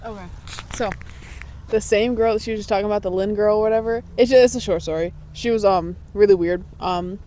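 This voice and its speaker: A woman's voice: medium pitch, steady tone, fairly quick, dark tone, slight background noise. A young woman co-hosting a podcast, telling blunt, profane stories in casual chat and laughing through them. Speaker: podcast co-host.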